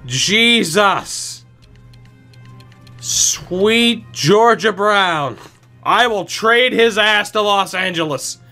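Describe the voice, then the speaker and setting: Guy doing game commentary, fed up and begging, lots of swearing and sarcasm, slow drawn-out delivery. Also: fairly high pitch, bright, forceful tone. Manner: exasperated, pleading, swearing; sarcastic asides. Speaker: gaming channel host.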